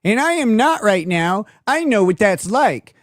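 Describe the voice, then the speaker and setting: A woman streamer reacting live, laughing and swearing as she goes. Her pitch swings widely in a sarcastic, teasing way. The sound is dry and close to the mic. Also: big pitch swings, measured pace, dry recording. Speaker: streamer host.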